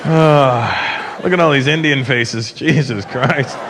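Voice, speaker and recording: A man doing a stand-up comedy routine on a live stage, animated and slipping into mocking impressions. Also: medium pitch, takes it slowly. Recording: live show with loud audience and noise.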